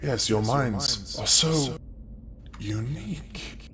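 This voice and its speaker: A man voicing a huge talkative male ooze with a humanoid face, speaking slowly and eagerly as a telepathic storyteller. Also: mid-range voice, a crowd in the background. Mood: curious.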